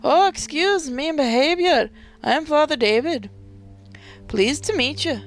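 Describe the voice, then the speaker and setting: A woman's voice: high-pitched, lively intonation, a little slow, soft background music, voice pushed up. A woman voicing a kindly middle-aged male priest, reading game dialogue in a polite, soothing way. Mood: reassuring. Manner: polite, soothing, formal speech.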